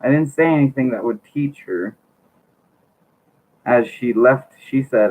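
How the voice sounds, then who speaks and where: A man's voice: mid-range voice, a little slow, long pauses. A man reading a book aloud on his channel, stumbling over words and breaking off for wry joking asides. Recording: tinny lo-fi mic, faint hiss.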